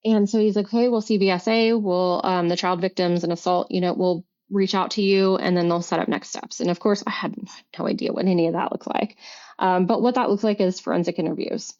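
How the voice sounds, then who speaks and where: A middle-aged woman, a podcast guest, telling a personal story in an earnest, halting way with many restarts and fillers. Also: on the low side, steady tone, a little mellow. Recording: dull lo-fi recording.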